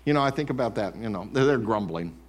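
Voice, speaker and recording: A male pastor preaching a sermon in church, animated and mimicking grumblers. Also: on the low side, fast. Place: church sanctuary.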